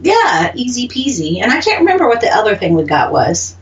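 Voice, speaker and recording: Woman, Oklahoma accent, chatty co-host, slightly high voice, dull lo-fi sound, a bit off mic. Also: huge pitch swings, brisk, far from the mic. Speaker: radio show co-host. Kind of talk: casual chat.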